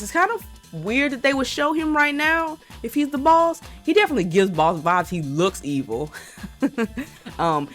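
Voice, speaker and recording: A woman YouTuber casually rambling through a game lore theory, hedging a lot and saying "like" and "I feel like" often. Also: fairly low pitch. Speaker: gaming YouTuber.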